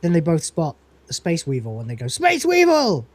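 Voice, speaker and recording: A man's voice: mid-range voice, a little fast, mellow, dry recording. A man hosting a podcast, recapping an episode in a rambling, casual way and acting out the lines. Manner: rambling, laughs often, acts out quotes. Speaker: podcast host.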